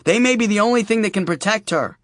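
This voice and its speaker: A man's voice: high-pitched, quick pace, a bit bright, dry recording, pitched above the performer's own voice. A man voicing a wry, anxious young father. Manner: wry, earnest, dry humor.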